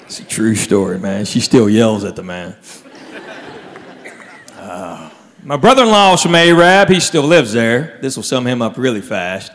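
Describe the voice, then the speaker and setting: A man's voice: medium pitch, very animated, moderate pace, a bit bright, slight background noise. A man telling stand-up comedy stories to a live audience. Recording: hall reverb with faint crowd.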